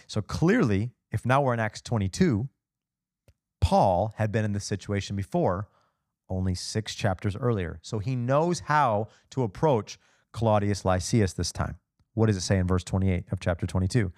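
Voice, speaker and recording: A male pastor giving a conversational sermon, peppering the congregation with rhetorical questions and expressive asides. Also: fairly low pitch, moderate pace, dry recording, clean studio sound. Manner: casual and expressive.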